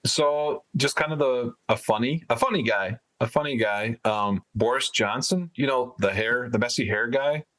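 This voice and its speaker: A man rambles loosely through podcast chat as a co-host, hedging his points along the way. His voice sits at an ordinary middle pitch. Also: moderate pace, hardly any pauses, a bit bright. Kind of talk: casual chat.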